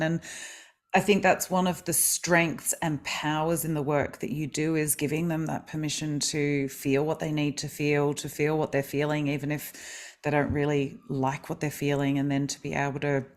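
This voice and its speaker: Deep-voiced woman host, warmly affirming. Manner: affirming and effusive. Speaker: podcast host. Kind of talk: podcast conversation.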